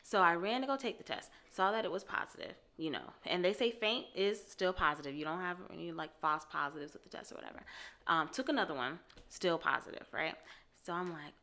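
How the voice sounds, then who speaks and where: A woman co-hosting a podcast, chatting casually and retelling a story in an animated way into a podcast mic. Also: on the low side, brisk. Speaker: podcast co-host. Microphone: podcast microphone.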